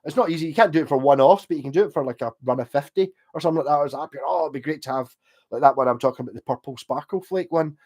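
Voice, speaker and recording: A man's voice: on the high side, very fast, hardly any pauses, darkish tone. A man chatting casually on a livestream, rambling and swearing freely. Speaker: livestream host.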